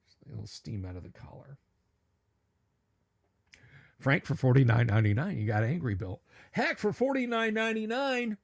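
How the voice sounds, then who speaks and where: Gravelly, opinionated livestream host. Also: male voice, medium pitch, moderate pace, long pauses. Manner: opinionated, animated rants with stammered restarts. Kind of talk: casual chat reading viewer comments.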